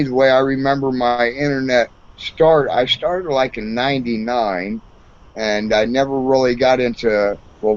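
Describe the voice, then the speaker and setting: Man, casual voice chat, rambling, hesitant, lo-fi sound. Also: mid-range voice. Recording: dull lo-fi voice chat audio.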